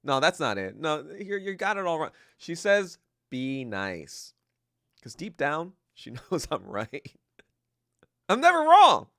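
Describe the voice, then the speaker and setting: A young man hosts a casual livestream, talking crudely and joking between rants. His voice sits a little high, and the sound is dry and close to the mic. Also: sing-song, normal speed, creaky, few pauses, a bit bright, no room sound. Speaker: podcast host.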